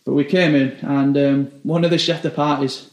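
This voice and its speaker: A young British chef telling stories in a casual interview, rambling and filling every phrase with "like". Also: male voice, fairly high pitch, steady tone, moderate pace, darkish tone, roomy sound. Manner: rambling, says 'like' constantly.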